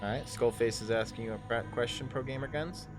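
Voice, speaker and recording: Male game master, casual stop-start narration, average pitch, faint background music. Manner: halting, loose narration full of fillers. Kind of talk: narrating a tabletop game on a livestream.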